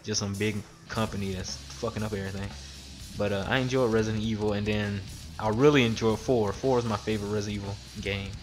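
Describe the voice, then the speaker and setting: Rambling young man with a low voice. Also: quick pace, soft background music. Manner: rambling, profane, animated when quoting others. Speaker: gaming video host. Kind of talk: casual let's-play commentary.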